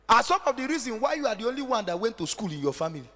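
A man preaching with fervour, his voice pitched high and swooping widely between hushed lines and sudden shouts. He takes his time, leaning on words in a sing-song way, and the sound rings with the long reverb of a church hall. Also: very animated, rapid-fire, hardly any pauses. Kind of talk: sermon.

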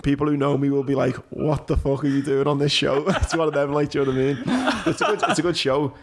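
A man's voice: on the high side, quick pace. A man hosting a podcast in laid-back casual chat, self-deprecating and calling people mate. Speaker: podcast host.

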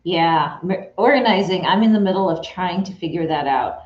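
A woman's voice: fairly low pitch, lively intonation, moderate pace, a little mellow. A woman hosting a live sewing stream from her home studio, chatting casually and greeting viewers by name. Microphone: camera mic in the room. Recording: roomy, slightly dull sound.

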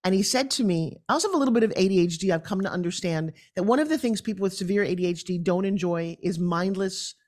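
A woman's voice: fast talker, hardly any pauses, darkish tone. Emphatic middle-aged New woman. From New York. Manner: emphatic, jumps into quoted dialogue with big pitch swings. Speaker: guest, pitch coach. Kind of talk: animated storytelling interview.

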